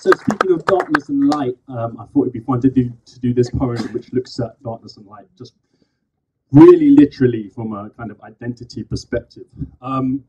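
A man from London performing spoken word poetry live on stage, with measured rhythmic delivery and casual asides between poems. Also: medium pitch, a little mellow, a little hiss or hum. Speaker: poet. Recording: dull, distant live recording.

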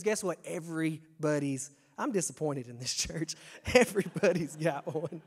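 A young pastor from Kentucky with a Kentucky accent, preaching a sermon in a folksy, animated way, talking straight to his congregation. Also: high voice.

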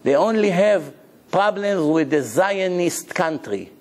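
A rabbi giving a Torah lecture, animated and acting out little dialogues as he preaches. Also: slow. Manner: animated, acts out dialogue with big pitch swings.

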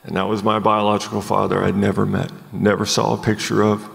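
A man in his forties earnestly telling his life story as a podcast guest, halting with many ums, recorded live at a conference. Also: on the low side, little pitch movement, vocal fry, fairly bright tone, big-room sound.

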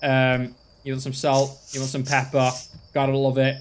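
A man's voice: medium pitch, completely flat delivery, normal speed, slight background noise. A man hosting a gaming channel, playing a game with joking, self-mocking commentary.

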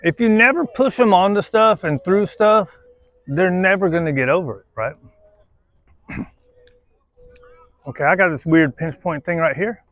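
A fairly high-voiced man trains a dog at an outdoor jungle gym and explains each step to the camera as he goes. He is blunt, swears freely and keeps checking in with "right?", then turns to the dog with a much higher, coaxing tone. The sound is close and dry, with almost no room around it. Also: measured pace, pauses often, a bit bright, no room sound. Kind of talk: casual on-the-spot training commentary.

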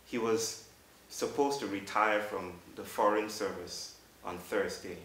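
A man in his thirties from Africa, giving an earnest, halting storytelling talk to a live audience. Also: fairly low pitch, a bit bright. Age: 30s. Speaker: public speaker. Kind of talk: storytelling lecture. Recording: roomy hall from a distant mic with faint hiss.

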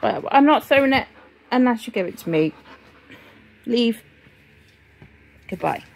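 A woman's voice: fairly high pitch, animated, unhurried, creaky. A woman vlogging about crochet in a casual, rambling way, often talking sing-song to her dogs. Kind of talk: casual chat to camera.

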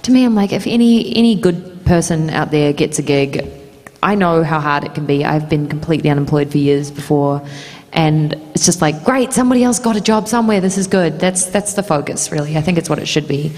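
Low-voiced New Zealand woman, chatty. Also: a little fast, darkish tone. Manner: chatty, laughs often. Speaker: panel guest actress. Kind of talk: casual panel talk. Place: large convention hall. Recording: reverberant convention hall PA.

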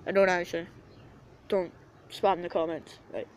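A man vlogging casually outdoors by a river, excitable, swearing and yelling at ducks. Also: sits high, normal speed, low-quality recording. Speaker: YouTube vlogger.

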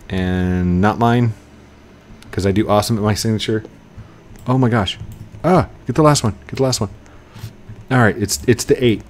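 A young man giving casual let's-play commentary as a gaming YouTuber, excitable, yelling at other players and then apologizing, laughing often. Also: on the low side.

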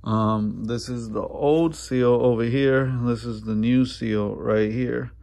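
A man's voice: mid-range voice, fairly even intonation, slow pace, creaky, darkish tone. A man walking through an engine swap in a garage, talking casually with many ums and uhs. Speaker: mechanic showing an engine swap. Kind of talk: casual walkthrough narration. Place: garage workshop.

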